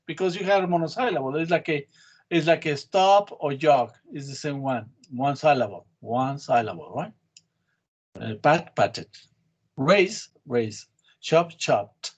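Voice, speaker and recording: A man's voice: medium pitch, animated, measured pace. A man teaching an English class, quizzing students on spelling with short, patient prompts. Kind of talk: online class drilling spelling.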